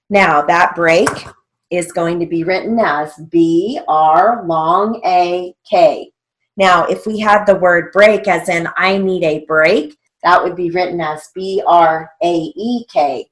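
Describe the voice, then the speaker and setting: Slow, deliberate woman dictating drills. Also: lowish voice. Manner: deliberate, spells out letters, says punctuation aloud. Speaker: stenography theory instructor.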